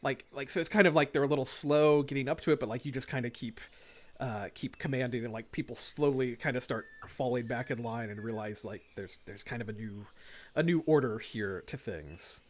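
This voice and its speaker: A man at medium pitch, talking a little fast, narrates as game master in an online tabletop game. His delivery is loose and meandering, full of "like" and "kind of."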